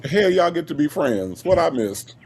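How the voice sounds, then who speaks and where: A man joining a casual livestream, loud and teasing, swearing a lot. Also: fairly high pitch, very animated, normal speed, slight background noise.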